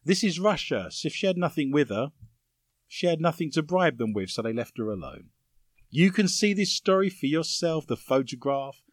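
A man's voice: on the high side, big pitch swings, normal speed, no echo. A man hosting a comedy podcast, reading odd news stories with dry jokey asides. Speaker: podcast host.

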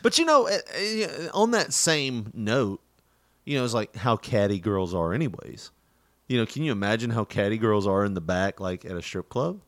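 A man's voice: lowish voice, expressive, moderate pace, no room sound. A man co-hosting a podcast in casual comedic banter, laughing often as he riffs on silly bits. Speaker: podcast host.

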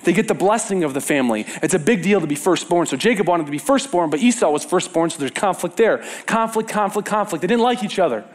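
A man preaching a casual sermon, retelling a Bible story with lively repetition and sudden drops from loud to hushed. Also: on the high side, quick pace, hardly any pauses. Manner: animated storyteller, repeats words for emphasis, swings between loud and hushed; casual and conversational, with fillers and self-corrections.

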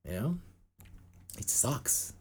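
Husky, animated male metal podcast host. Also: medium pitch, drawn-out words. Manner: rambling, profane, animated banter. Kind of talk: casual chat.

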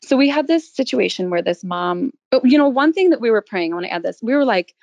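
A woman's voice: fairly high pitch, expressive, fast talker, vocal fry, darkish tone, no room sound, dull audio. A woman in her thirties, a guest on an interview, telling a personal story with emotion, near tears at times and laughing. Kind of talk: candid interview.

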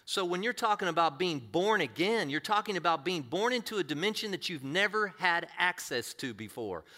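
A man's voice: high-pitched, animated, normal speed, bright, forceful tone. A man preaching a sermon as a pastor, earnest and conversational, often posing rhetorical questions to his listeners.

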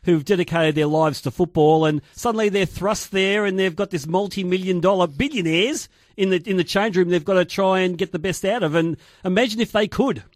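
High-voiced radio pundit, dry sound. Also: male voice, fairly quick, few pauses, no room sound. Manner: opinionated, repeats his point over others. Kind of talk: sports radio talk.

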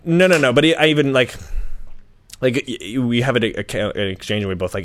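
A man's voice: mid-range voice, lively intonation, fairly quick, fairly bright tone, slight background noise. A young man talking casually about his dating life as a podcast co-host, rambling and restarting his sentences with lots of filler. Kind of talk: casual chat.

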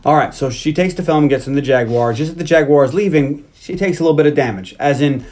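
A man's voice: a little high, a little mellow. A man hosting a podcast, casually retelling a film's plot and quoting its characters along the way. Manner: retells scenes with quick quoted character lines. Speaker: podcast host. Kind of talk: casual movie recap chat.

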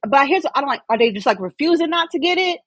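A woman's voice: high voice, expressive, quick pace, fairly bright tone, no room sound. A woman in casual chat, talking in an exasperated, emphatic way.

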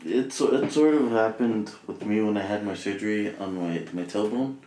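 Laid-back young guy with a lowish voice chatting with friends, echoey room. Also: normal speed, dark tone, a little hiss or hum. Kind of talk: casual chat among friends.

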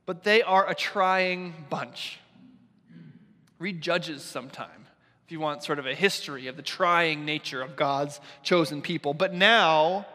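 A male pastor preaching a sermon in a church, with a deliberate, emphatic delivery and dramatic pauses. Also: high-pitched, sharp tone. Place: church sanctuary. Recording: long church reverb.

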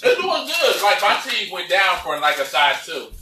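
A man's voice: high-pitched, huge pitch swings, a little slow, far from the mic. A man, co-hosting a casual show and teasing his friends with plenty of swearing. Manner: brash, teasing, swears freely. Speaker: show co-host. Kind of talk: casual joking chat. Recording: roomy, off-mic with background hiss.

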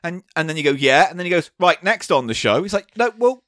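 Teasing man with lively delivery. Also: on the high side, fast talker, no echo. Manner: dry, teasing banter. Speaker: podcast co-host. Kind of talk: casual comedy chat.

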